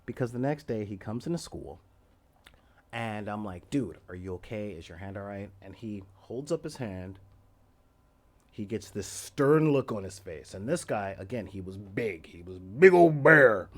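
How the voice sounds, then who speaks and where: Slow, rambling man in his forties. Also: on the low side. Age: 40s. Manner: slow, rambling, laughs often, acts out quotes loudly. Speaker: podcast host. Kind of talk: casual storytelling.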